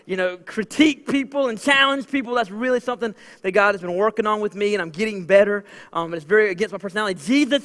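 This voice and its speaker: Southern male pastor, 30s, high voice, loose conversational preaching, long hall reverb. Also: a bit bright. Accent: Southern American. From American South. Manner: casual, chatty preaching with many "like" fillers. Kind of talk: sermon. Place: church auditorium.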